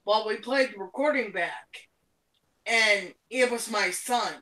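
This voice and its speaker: A woman, a mother who hunts ghosts, telling a paranormal story in relaxed livestream chat. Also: mid-range voice, a little slow, poor audio.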